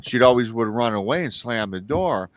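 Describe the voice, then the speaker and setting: A man's voice: medium pitch, lively intonation, moderate pace. A man in his forties hosting a live talk show, telling a story casually, with many restarts and asides to his listeners. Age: 40s. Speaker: show host.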